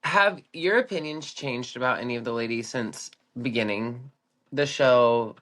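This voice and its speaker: A woman's voice: rumbling low, measured pace, fairly bright tone. A woman co-hosting a podcast, chatting casually and emphatically about a reality show, stretching words for effect. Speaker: podcast co-host.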